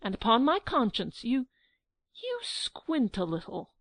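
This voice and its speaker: A woman's voice: on the high side, wildly swooping pitch, a little slow, fairly bright tone, no room sound, voice pushed up, full character voice. A woman reading an audiobook and voicing an indignant young prince who mocks his sweetheart. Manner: mocking, laughing and indignant.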